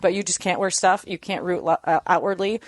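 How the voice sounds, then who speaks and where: A woman co-hosting a sports podcast in casual chat, telling animated stories and acting out quoted exchanges. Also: lowish voice, a little fast. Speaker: podcast co-host.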